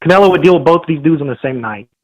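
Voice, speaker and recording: A man's voice: fairly high pitch, animated, racing, darkish tone, no echo, muffled recording. A man calling into a boxing podcast, ranting bluntly with lots of swearing. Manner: profane, blunt trash talk. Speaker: caller. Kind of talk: call-in boxing rant.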